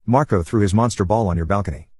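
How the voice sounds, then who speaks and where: A man narrating online stories in an even, unhurried reading voice. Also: lowish voice, breathy edge, no echo, studio quality.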